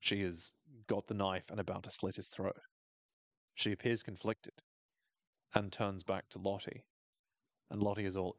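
A man hosting a podcast, recapping a TV episode in casual, animated talk, swearing and laughing often. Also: low-pitched, moderate pace, gravelly, pauses often, no room sound. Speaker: podcast host.

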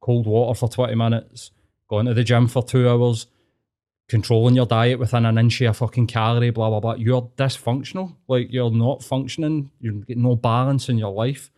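Scottish man, podcast guest, blunt sweary talk, middle pitch. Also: level tone, moderate pace, dark tone. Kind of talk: casual podcast chat.

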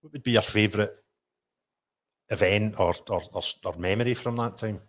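A man with a Scottish accent hosting a podcast, chatty and quick with joking asides. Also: lowish voice. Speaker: podcast host. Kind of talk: casual interview chat.

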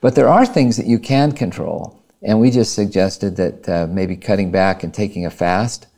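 A man with a low voice leads a casual health podcast. His tone is mellow and unhurried. He thinks aloud and circles back to restart his thoughts. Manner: rambling, thoughtful, halting restarts. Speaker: podcast host, coaching program lead.

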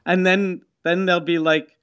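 A man's voice: high voice, little pitch movement, measured pace, fairly bright tone, clean tone. A man co-hosting a casual podcast, telling stories in a profane, mocking way. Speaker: podcast co-host. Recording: muffled lo-fi audio.

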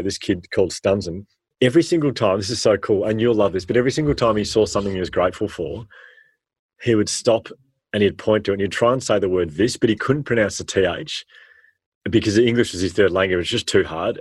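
An Australian man, a former teacher, telling stories with animated, slangy energy in an interview. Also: lowish voice, slightly rough, no room sound. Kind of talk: storytelling in a podcast interview.

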